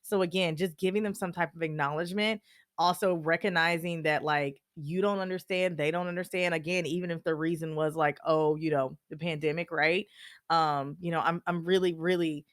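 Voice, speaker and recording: A woman hosting a podcast, giving candid, animated advice and acting out everyday exchanges. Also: low voice, moderate pace, no echo, clean studio sound. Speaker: podcast host. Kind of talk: casual advice talk.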